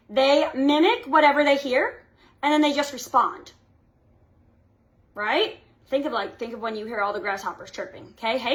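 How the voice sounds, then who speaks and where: A woman's voice: high voice, fairly bright tone. A woman gives a chatty motivational talk to her sales team, checking in with "okay?" after nearly every point. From United States. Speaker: team leader.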